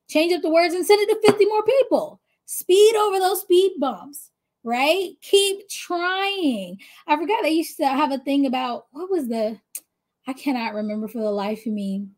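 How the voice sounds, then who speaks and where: A woman delivers casual motivational business coaching, chatting straight to her listeners and often tossing in "right?". Her voice is high-pitched with a darkish tone.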